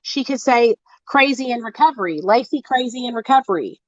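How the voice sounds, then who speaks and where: A woman's voice: fairly high pitch, lively intonation, fairly quick, lo-fi sound. A woman live-streaming, chatting casually and bluntly with plenty of swearing while she shops.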